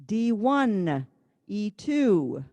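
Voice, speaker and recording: A woman's voice: medium pitch, big pitch swings, warm tone, dry recording. A woman teaching a music class, chatting about a song's history and calling out fingering note by note. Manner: chatty, reads fingering numbers slowly. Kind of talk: online class instruction.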